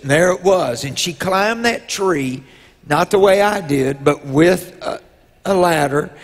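Bishop, slow unhurried storytelling sermon, husky tone, echoing sanctuary. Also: male voice, fairly high pitch. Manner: slow storytelling with drawn-out pauses; rises to loud emotional peaks. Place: church sanctuary. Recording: long reverb in a church hall.

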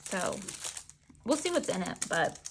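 A woman vlogger giving excitable, gushing commentary as she unboxes merchandise and talks back to the photos. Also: fairly low pitch, unhurried, creaky, noisy background.

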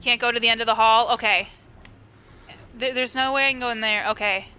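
Bright high-voiced woman streamer. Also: steady tone, brisk, clear, resonant tone. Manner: chatty, talks to the game and greets chat viewers. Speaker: game streamer. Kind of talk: live gameplay commentary.

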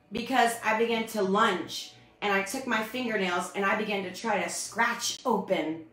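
Woman, personal testimony, animated storytelling, roomy echo, mid-pitched voice. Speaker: speaker sharing her testimony.

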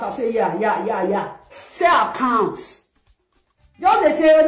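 High, lively Nigerian woman ranting. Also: normal speed, echoey room, faint music behind, poor audio. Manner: mocking, insulting, laughing between jabs. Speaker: social media personality. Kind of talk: ranting livestream monologue.

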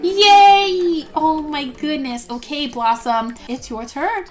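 A woman narrates her game with bubbly, gushing excitement, gasping and squealing at each moment. Her voice sits high and bright for a woman. Faint music plays underneath. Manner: bubbly and gushing, frequent gasps, quick quoted character asides. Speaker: gaming YouTuber narrating gameplay. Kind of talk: excited let's-play commentary.

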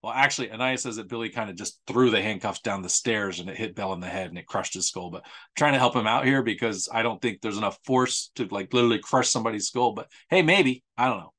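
A man's voice: on the low side, quick pace, a bit bright. Sarcastic conversational man. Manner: sarcastic, conversational, with emphatic repetition. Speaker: author presenting a history series. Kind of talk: casual spoken presentation.

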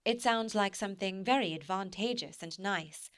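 A woman's voice: medium pitch, normal speed, a bit bright, no room sound, clean studio sound, close to an everyday voice. A woman voicing an eager, playful young wife who coaxes and wheedles. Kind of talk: audiobook character reading.

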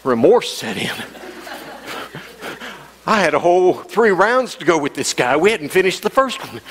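A man's voice: high voice, lively intonation, normal speed, pauses often, fairly bright tone. A man preaching a sermon as the pastor, telling a story with humor, repeating himself and chuckling as he goes. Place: church sanctuary. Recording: long church hall reverb.

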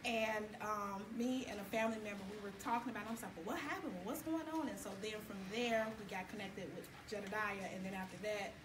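A woman telling a group how she joined the activists, chatty and animated. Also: medium pitch, fast, few pauses, background noise. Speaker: activist at a meet and greet. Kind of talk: introducing herself to a group. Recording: echoey room, mic far off, crowd behind.

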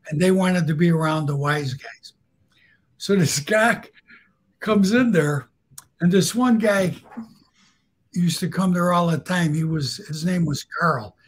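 Man, husky voice, slightly high pitch, casual storyteller, blunt, swears freely. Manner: blunt, swearing, laughs at his own stories. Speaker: guest storyteller.

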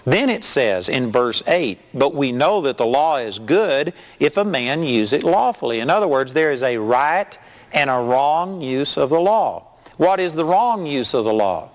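A middle-aged man preaching a sermon as a television minister, reading scripture and telling stories with animated mimicry. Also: a little slow. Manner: animated storytelling, mimics hyped preachers in a high voice.

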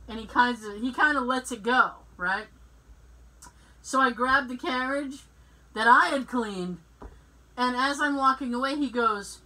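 Podcast co-host, woman, high bright voice, unhurried animated storytelling. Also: poor audio. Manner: animated, laughs often, acts out dialogue. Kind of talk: casual storytelling chat.

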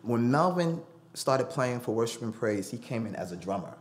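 A man's voice: medium pitch, moderate pace. A man telling a personal story as a studio guest, acting out the voices he quotes. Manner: animated, acts out quoted voices. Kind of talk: storytelling interview.

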